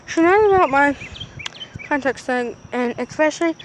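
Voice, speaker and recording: A woman with a high voice tells a story to her camera in a loose, rambling way, packing it with "like" and mild stand-in swears. She is recorded outdoors somewhere rural, and steady background noise sits under her voice. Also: moderate pace. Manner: rambling, filler-heavy, says "flippin'" and "effing" instead of swearing. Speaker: vlogger.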